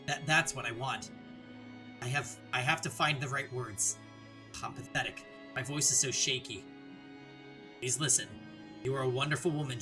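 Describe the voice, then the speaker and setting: A woman voicing a gentle, doomed young man who speaks quietly and earnestly, reading a visual novel aloud. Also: very deep voice.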